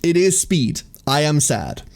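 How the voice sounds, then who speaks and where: Male streamer, casual sweary play-by-play, lively up-and-down delivery. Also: fairly high pitch, measured pace, soft background music. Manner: sweary, wry play-by-play with laughs. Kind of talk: casual gaming commentary.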